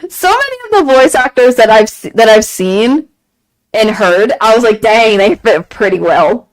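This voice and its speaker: A woman streaming a game and chatting casually, gushing excitedly, repeating herself and laughing often. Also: on the high side, normal speed, poor audio. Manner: excited gushing fan talk, frequent laughs and repeated phrases. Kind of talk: casual chat on a live stream.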